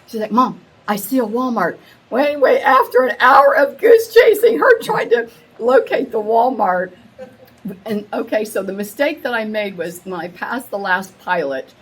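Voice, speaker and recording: A middle-aged woman telling a rambling, excitable story to a small live group, acting out the quotes with big jumps in her voice. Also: a little high, moderate pace, slightly rough, poor audio. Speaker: meetup attendee sharing a story. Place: women's meetup gathering, audience laughing.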